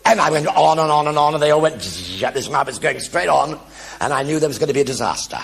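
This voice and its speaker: A man's voice: fairly high pitch, fast talker, vocal fry, breathy edge. An older man telling comic anecdotes in a one-man stage show, acting out the voices in his stories. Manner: animated anecdotes with acted-out voices. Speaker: raconteur. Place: theatre stage with audience.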